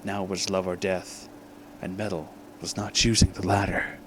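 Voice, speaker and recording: Man reading a comedy story deadpan. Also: deep voice, moderate pace, slight background noise. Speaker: narrator. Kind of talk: comedic fan-fiction reading.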